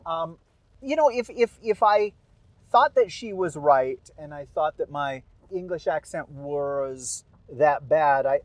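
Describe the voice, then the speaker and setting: A man's voice: a little high, slow, dry recording, rough recording. A man talking casually about his narration work, rambling with self-deprecating asides. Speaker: podcast narrator of public domain stories. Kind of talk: casual chat after a reading.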